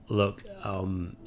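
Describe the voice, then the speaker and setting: A man casually commentating a game he is playing, talking in a wry, relaxed way with plenty of fillers. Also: sits low. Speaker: let's play host.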